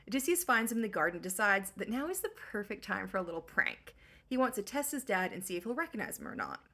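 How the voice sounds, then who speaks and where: A woman recapping an ancient epic in casual, comedic style, tossing in sarcastic slang and snarky asides. Her voice is bright and forceful. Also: medium pitch. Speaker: book recap host.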